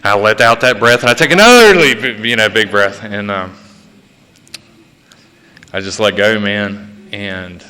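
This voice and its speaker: A man's voice: on the low side, a little slow, pauses often, pushed and bright, clean tone. A man sharing a personal recovery story at a meeting, profane and self-mocking, laughing at himself as he talks. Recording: reverberant hall.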